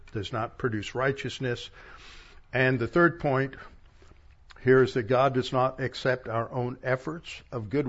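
A male pastor giving a sermon, reading verses aloud and pausing for plain-spoken asides. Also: medium pitch, lo-fi sound. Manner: reads verses aloud, stressing key words, with asides. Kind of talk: sermon teaching from scripture.

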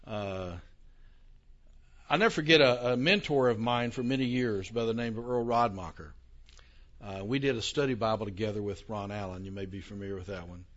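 This older man has a lowish, fairly bright voice and talks a little fast as he gives a conversational theology lecture before a live audience. He throws questions out to listeners and adds self-deprecating remarks, all on a dull lo-fi recording.

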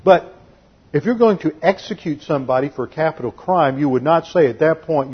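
A man with a fairly high, husky voice teaching from the Bible like a pastor at the pulpit. He is emphatic and didactic and drives his points home. The recording sounds dull and lo-fi. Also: a little fast.

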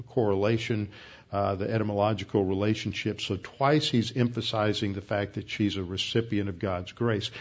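A man preaching an expository sermon, explaining scripture in a measured way and slowing down to stress key words. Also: lowish voice, lo-fi sound. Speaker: pastor.

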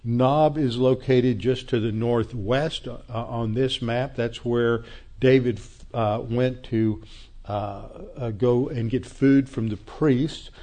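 A man leads a Bible study lecture, with a mellow, warm tone at an ordinary pitch. He talks unhurriedly, full of fillers and restarts. He poses questions and then answers them himself. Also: fairly even intonation. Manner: unhurried, thinking aloud with many fillers and restarts; explanatory, asks and answers his own questions. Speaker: Bible teacher.

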